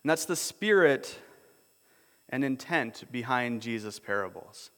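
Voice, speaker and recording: Conversational pastor in an echoing hall. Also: male voice, mid-range voice, expressive, a little slow, a bit bright. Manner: conversational, repeats words as he restarts. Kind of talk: sermon. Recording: long hall reverb.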